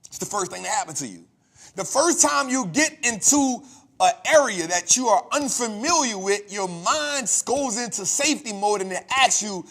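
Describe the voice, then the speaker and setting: A man's voice: high-pitched, expressive, brisk, a bit bright. A man hosting a podcast, giving a preachy, emphatic motivational finance talk full of repetition and casual street slang. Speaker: podcast host.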